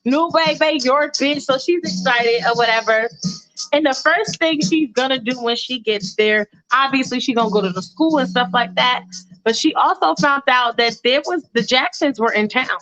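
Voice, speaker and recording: A woman's voice: high-pitched, moderate pace, a bit bright, soft background music, poor audio. A woman improvising a story in a casual, rambling way, slangy and profane, talking straight to her listeners. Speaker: storyteller, podcast host.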